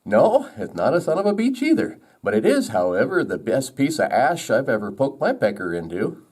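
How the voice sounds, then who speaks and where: A man's voice: wildly swooping pitch, darkish tone, breathy edge. Man doing a chirpy cheeky woodpecker. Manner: chirpy, high, drawn-out delivery. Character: obliging cheeky male woodpecker.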